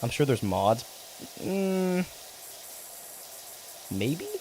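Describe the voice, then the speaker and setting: Lively, profane young male streamer. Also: mid-range voice, extremely slow, slight background noise. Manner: profane, rambling, mock-outraged banter with chat. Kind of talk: casual live-stream commentary while gaming.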